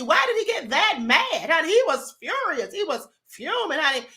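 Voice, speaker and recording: A woman's voice: high voice, big pitch swings, normal speed, hardly any pauses, bright, forceful tone. A woman from Kentucky, hosting a livestream and reading viewer comments in sassy, emphatic casual commentary, often saying honey and beloved. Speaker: livestream host.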